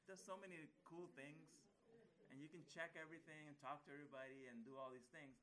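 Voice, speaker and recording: Animated, conversational male preacher. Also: on the high side, fast talker, rough recording. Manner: animated storytelling, acts out quotes; conversational, asks rhetorical questions. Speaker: pastor. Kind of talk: sermon.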